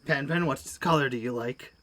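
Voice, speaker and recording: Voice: medium pitch, normal speed, a bit bright. A player in a tabletop game who speaks politely and dryly, in short replies. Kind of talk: casual tabletop game talk.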